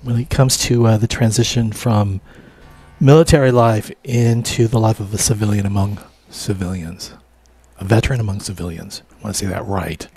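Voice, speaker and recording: A man with a husky, low voice hosts an interview. He phrases his questions slowly and haltingly, pausing to find the right words. The sound is dry and close, with no room echo. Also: fairly even intonation, warm tone. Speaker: interview host.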